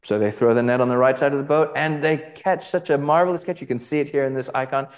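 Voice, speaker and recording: Male teacher, mid-pitched voice, talking through gospel art to a class, halting and chatty with frequent "right?" check-ins. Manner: conversational, many fillers and restarts, checks in with "right?". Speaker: Bible teacher. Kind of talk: lecture on gospel icons.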